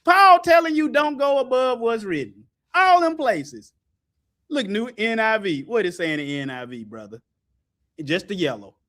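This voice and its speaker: A man preaches in a high voice that swings all over. He is loud and colloquial, laughing and breaking into shouts. His pitch leaps from line to line. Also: sing-song, moderate pace. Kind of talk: animated sermon with scripture call-and-response.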